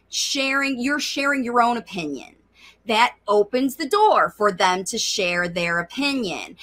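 A woman hosting a conversational interview, talking in long, energetic explanations. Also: on the high side. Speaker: host.

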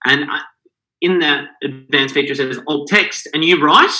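Man, podcast host, very bright tone, rambling, earnest, filler-heavy. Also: on the high side, moderate pace, poor audio. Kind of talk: casual podcast chat.

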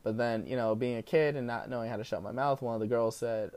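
A man's voice: medium pitch, fast talker. A young man from New Jersey telling a story in a casual, profane rant that swings between outbursts and asides. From New Jersey, USA. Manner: profane, animated ranting.

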